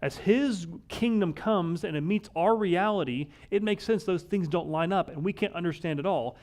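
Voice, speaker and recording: A male pastor giving a conversational sermon, wry and animated, often acting out the lines of the people in the story. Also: high voice, moderate pace. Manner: conversational, wry, acts out quoted voices.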